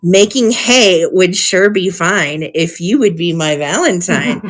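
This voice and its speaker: A woman's voice: lowish voice, animated, takes it slowly. A woman hosting a live vintage sale, chatting casually and gushing over old cards as she reads them aloud. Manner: chatty and gushing, often giggling.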